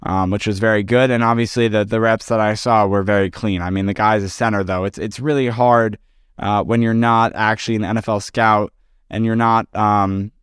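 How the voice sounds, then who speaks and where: A man's voice: fairly low pitch, steady tone, normal speed, clean tone, no room sound, clean studio sound. A tired man co-hosting a casual sports podcast, giving analysis with many fillers. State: tired, yawning. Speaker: podcast co-host.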